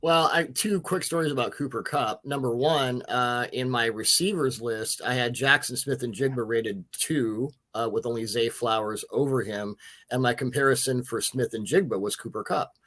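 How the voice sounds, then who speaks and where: A man's voice: mid-range voice, moderate pace, a bit bright. Man trading football draft analysis. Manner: conversational, cites football history and his own rankings. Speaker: draft writer, co-host. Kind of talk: analytical sports discussion.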